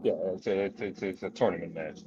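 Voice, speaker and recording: A man's voice: low voice, quick pace, dark tone, lo-fi sound. A man co-hosting a wrestling talk show in casual chat, often hesitant and restarting. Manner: hesitant, many fillers and restarts. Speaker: wrestling podcast co-host.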